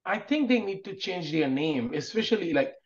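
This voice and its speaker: A man's voice: high-pitched, animated, normal speed. A man in a class call, making offhand remarks, heard through distant, muffled call audio. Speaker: student.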